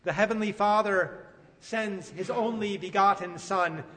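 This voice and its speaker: A man preaching a sermon, retelling a story with animated, emphatic delivery. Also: sits high, a little slow, big-room sound. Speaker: pastor.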